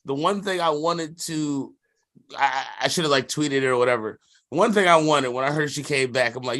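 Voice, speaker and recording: A man's voice: on the high side, normal speed, fairly bright tone. A man co-hosting a sports podcast in casual chat, rambling with lots of fillers and slang and laughing often. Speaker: podcast co-host.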